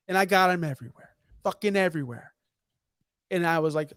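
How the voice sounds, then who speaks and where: A man's voice: high-pitched, fast, a bit bright, no echo, studio quality. A man co-hosting a fantasy football podcast, talking in a fired-up, emphatic, ranting way. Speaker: podcast co-host. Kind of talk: heated fantasy football talk.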